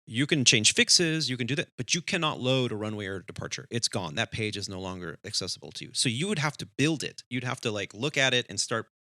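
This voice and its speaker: Lively storytelling man, bright voice. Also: mid-range voice, brisk, few pauses, dry recording, studio quality. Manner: animated storyteller, acts out dialogue in his story. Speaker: airline pilot podcast host. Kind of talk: casual storytelling chat.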